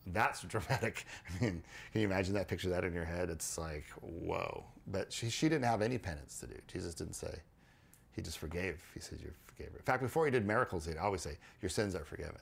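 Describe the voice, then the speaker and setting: A man hosting a podcast, explaining ideas in a casual, animated way with frequent restarts and repeated words. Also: sits low, a little fast, creaky, breathy edge. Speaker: podcast host.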